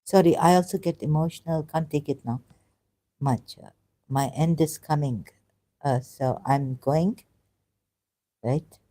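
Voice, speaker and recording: Woman, low voice, mellow tone, halting and emotional. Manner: emotional, searching aloud, halting with fillers. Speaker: ex-Muslim commentator. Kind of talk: casual commentary reading scripture.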